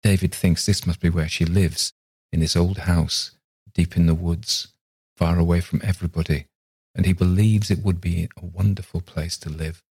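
A man reading a ghost story aloud in a calm, measured way. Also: low-pitched, creaky, husky. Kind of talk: scripted narration of a ghost story.

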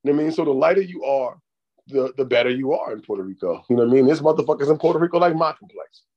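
A man co-hosting a podcast in casual chat, telling stories in a profane, animated way. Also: medium pitch, very fast, lo-fi sound. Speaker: podcast co-host.

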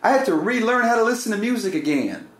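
A man's voice: high-pitched, expressive, fast, pitched above the performer's own voice. A man imitating a friendly older woman with an accent, speaking in a coaxing, sing-song way. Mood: doting. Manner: sing-song, coaxing, calls everyone honey. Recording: roomy echo.

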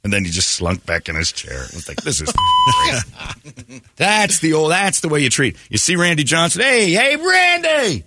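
A man's voice: mid-range voice, brisk, very noisy. A man hosting a morning radio show, chatting casually and acting out the voices of the people in his stories. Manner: animated storyteller who acts out quoted voices.

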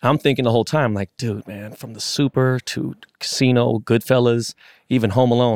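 A man's voice: mid-range voice, rapid-fire, dry recording, studio quality. A man co-hosting a podcast, telling a story casually with lots of swearing and acted-out quotes. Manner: animated, profane, acts out quotes. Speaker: podcast co-host.

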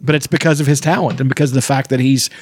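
A man's voice: medium pitch, fairly even intonation, rapid-fire, darkish tone, breathy edge. A man, chatting casually as a podcast host, rambling, swearing and laughing often. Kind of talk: casual chat.

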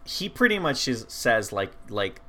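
A man's voice: mid-range voice, big pitch swings, measured pace, sharp tone. A man co-hosting a podcast, chatting casually about a movie, swearing freely and laughing often. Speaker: podcast co-host. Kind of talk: casual movie recap chat.

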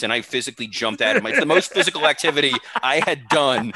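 A man's voice: mid-range voice, fast talker, few pauses, dry recording. A man in his thirties co-hosting a podcast, telling stories with acted-out quotes and swearing freely. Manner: animated anecdote-teller, acts out quotes, swears freely. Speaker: podcast co-host. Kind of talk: casual chat, storytelling.

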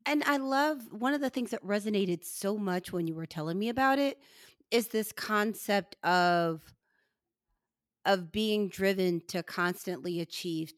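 A woman's voice: mid-range voice, no room sound, clean studio sound. A woman hosting an interview podcast, encouraging her guest and reflecting on her points. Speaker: podcast host. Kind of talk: casual interview conversation.

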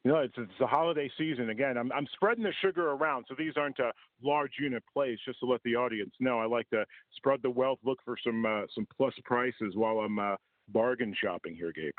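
A man's voice: medium pitch, a little fast, no echo. A man calling in to a sports betting show, talking easygoing with some hesitation. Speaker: caller. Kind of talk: phone-in chat. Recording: dry tinny phone line.

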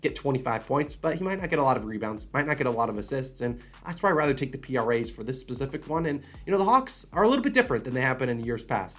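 A man hosting a sports betting channel, talking through his picks in a casual, animated way, sounding slightly under the weather. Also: mid-range voice. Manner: fast, animated, conversational with restarts. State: slightly unwell.

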